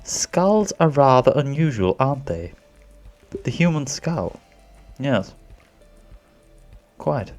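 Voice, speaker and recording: A man's voice: medium pitch, sing-song, takes it slowly, long pauses, darkish tone, highs cut off, faint music behind. A man narrating a drawing tutorial as a voice-over in a put-on posh British accent, rambling and a bit self-conscious, as if winging it.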